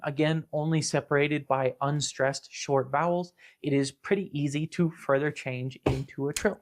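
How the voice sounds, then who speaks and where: A man with a North American accent narrating an explanatory video in a measured, precise way. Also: fairly high pitch, background noise.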